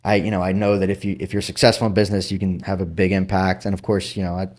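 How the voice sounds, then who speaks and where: Low-voiced man telling stories casually. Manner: animated, quick asides, acts out quotes. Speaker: podcast guest, former Navy SEAL. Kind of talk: casual interview storytelling.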